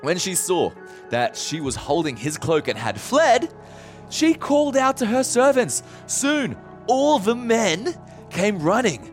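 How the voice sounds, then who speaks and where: A man's voice: high voice, slow, soft background music. A male pastor preaching a sermon, retelling a story and acting out scenes. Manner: animated, acts out scenes.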